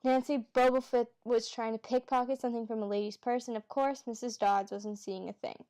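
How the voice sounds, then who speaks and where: A woman's voice: fairly high pitch, steady tone, fairly quick, dark tone. A woman casually reading a novel aloud, with chatty asides and frequent self-corrections. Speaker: amateur reader.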